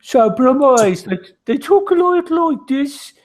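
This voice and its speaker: A man putting on a thick Birmingham accent, playing a loud, crude local man. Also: very high-pitched, animated, slow, voice pushed up, full character voice. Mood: brash. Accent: Birmingham English, put on. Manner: thick exaggerated accent, brash.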